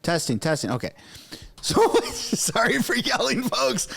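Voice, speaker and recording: A man live-streaming from his basement, reacting to a political video with loud yelling and swearing. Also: very high voice, big pitch swings, unhurried, gravelly. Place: home basement. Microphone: headphones with a desk mic.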